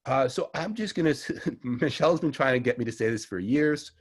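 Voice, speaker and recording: A man's voice: medium pitch, lively intonation, a little fast, breathy edge. A middle-aged man with a Long Island New York accent, teaching an online herbalism class in a chatty, rambling way that often corrects itself. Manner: rambling, chatty, self-correcting with small laughs. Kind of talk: casual online class lecture.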